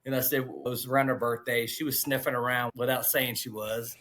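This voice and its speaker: A man's voice: medium pitch, flat delivery, a little fast, a bit bright. Laid-back man in his forties. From Gulf Coast of Alabama, US. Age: 40s. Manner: laid-back, folksy, peppers talk with "man" and "dude". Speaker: guest pitmaster. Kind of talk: casual storytelling.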